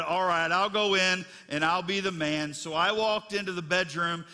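A man's voice: high-pitched, sharp tone. A middle-aged man preaching a sermon as pastor, telling folksy stories with lots of fillers. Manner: folksy, chatty storytelling with many fillers. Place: church sanctuary. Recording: long church reverb.

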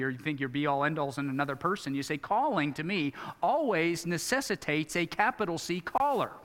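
A man preaching a conversational sermon, tossing rhetorical questions to his listeners. His voice sits a little high for a man. A long reverb trails each phrase through the church hall. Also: fairly bright tone. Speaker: pastor. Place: church sanctuary.

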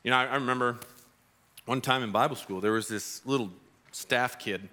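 A male pastor delivering a sermon, with lively storytelling that swings up to emphatic, insistent peaks. His voice is bright and forward, and he keeps a mid-range pitch. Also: normal speed.

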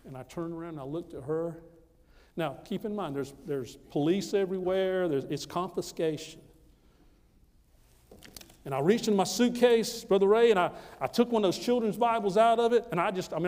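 A man's voice: high-pitched, a little fast, a little mellow, in a large hall. A man from the United States telling a personal testimony in a storytelling sermon, emphatic and repeating phrases for effect. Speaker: preacher giving a testimony.

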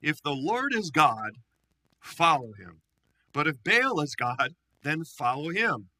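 A man's voice: on the high side, big pitch swings, takes it slowly, sharp tone, heavily acted, low-quality recording. A man voicing a bold male prophet who challenges his rivals, in a declaiming, commanding read.

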